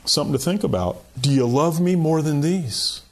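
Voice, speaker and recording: A man's voice: fairly high pitch, animated, moderate pace. A man preaching a sermon in a conversational, folksy way, often saying "you know" and chuckling. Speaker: pastor.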